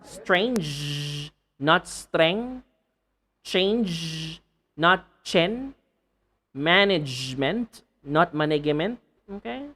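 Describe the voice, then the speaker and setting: A man teaching English pronunciation, slowly repeating words one by one and joking between them. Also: fairly high pitch, lively intonation, bright, forceful tone, breathy edge. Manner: slow deliberate repetition of words, playful and laughing. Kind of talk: pronunciation lesson.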